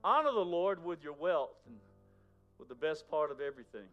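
A man's voice: fairly high pitch, big pitch swings, moderate pace, highs cut off. Man preaching over faint music. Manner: conversational preaching, swings from loud to whispered. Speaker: pastor. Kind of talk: sermon.

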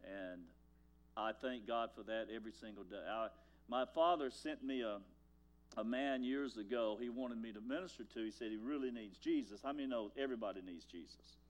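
An older pastor preaches a sermon full of folksy stories, swinging between loud lines and hushed ones. His voice is medium-pitched and his pace fairly quick.

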